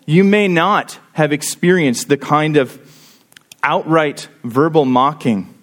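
A man's voice: on the high side, slow pace. A man preaching a sermon, earnestly explaining a psalm and reading its verses aloud with rising emphasis.

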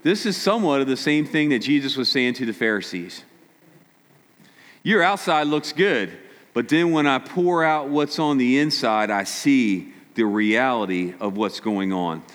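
A man's voice: mid-range voice, expressive, a little slow, a bit bright. A man preaching a casual sermon, telling stories with a sarcastic streak and acting out quotes. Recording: long hall reverb.

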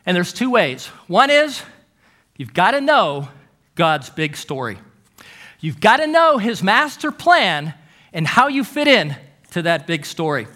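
A middle-aged man preaching a sermon, telling stories with emphatic delivery and dramatic pauses. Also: sits high, sing-song, bright, forceful tone.

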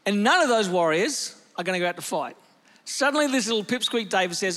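High-voiced preacher in a reverberant hall. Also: male voice, brisk. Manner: animated storytelling preacher, shifting pace and loudness. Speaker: pastor. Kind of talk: sermon.

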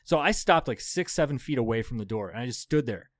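A podcast co-host in his 30s, about thirty years old, talks fast in a mid-range voice with no echo. He tells profane stories animatedly in casual chat, laughing often.

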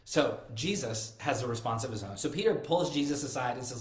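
A man's voice: medium pitch, animated, brisk, darkish tone. A man preaching a sermon in a conversational way, often restarting and repeating words. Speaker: pastor. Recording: echoey room.

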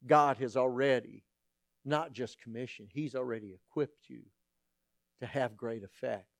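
A middle-aged man, preaching a sermon as a pastor and telling stories in an animated, humorous way. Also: mid-range voice, a little slow, gravelly, dry recording, clean studio sound.

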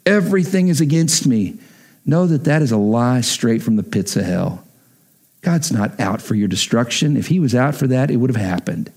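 A man's voice: mid-range voice, expressive, normal speed, darkish tone, breathy edge. A man preaching a sermon, emphatic and repeating key lines for effect. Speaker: pastor.

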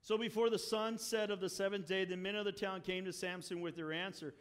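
A man's voice: sits high, moderate pace, big-room sound. A man preaching a sermon, retelling a story with acted-out quotes and wry asides.

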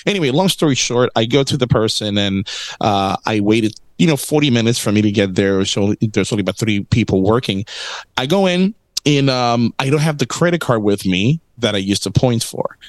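In casual conversation, a man tells a story with lots of energy, talking briskly in a middle register that jumps up when he acts out other people's quotes. The recording is close and dry, and he's an animated storyteller.

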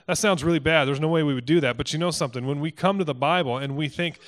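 A pastor from Iowa preaching a sermon in an earnest, emphatic way that builds to forceful peaks. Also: male voice, on the high side, fast, hardly any pauses. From Iowa, United States.

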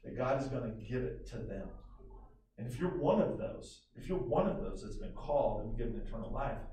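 A man with a mellow, dark tone preaches in a loose, conversational style to his congregation. He is picked up from a distance in a very echoey church room. Faint room ambience hangs behind him. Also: mid-range voice, fairly quick, a little hiss or hum. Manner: conversational, animated preaching with call-and-response. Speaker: pastor. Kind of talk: sermon. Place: church sanctuary.

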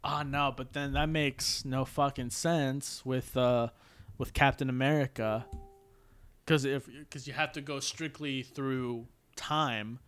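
A man co-hosting a podcast in casual chat, rambling and halting with frequent restarts. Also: mid-range voice, fairly even intonation, fairly bright tone, clear, resonant tone. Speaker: podcast co-host.

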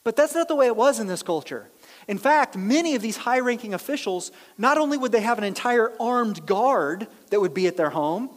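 A pastor preaching a sermon, telling the story with energy and acting out the voices of the people in it. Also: mid-range voice. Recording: long reverb of a large hall.

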